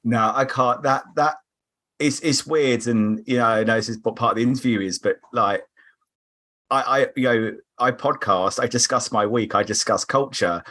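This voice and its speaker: A British man chatting as a podcast guest, telling lively anecdotes. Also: mid-range voice, moderate pace. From Britain. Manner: animated, chatty storytelling. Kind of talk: casual podcast chat.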